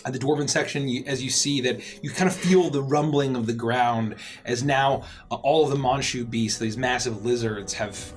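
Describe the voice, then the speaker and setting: Male game master, halting narration, soft music under it. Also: medium pitch. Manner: halting, many fillers and restarts.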